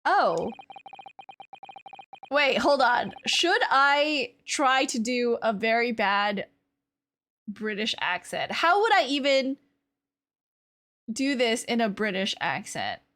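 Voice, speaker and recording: A woman's voice: a little high, very animated, takes it slowly, long pauses, a bit bright. A woman streamer chatting live over gameplay, playful, laughing often and insistent when she argues with chat, with faint game music behind her.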